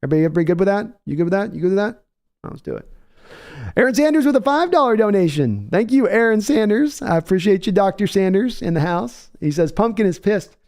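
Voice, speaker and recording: A man's voice: high-pitched, sing-song, fast, darkish tone. A man hosting a live sports reaction stream, reading out donations and chatting casually with his viewers. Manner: reads donations aloud, chatty and hyped.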